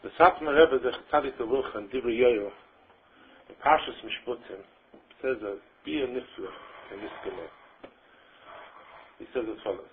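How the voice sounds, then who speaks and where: A man's voice: mid-range voice, moderate pace, pauses often, slight background noise. A man giving a Talmud lecture, chanting the quoted texts in a sing-song tune. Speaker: Torah lecturer. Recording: tinny phone-line recording.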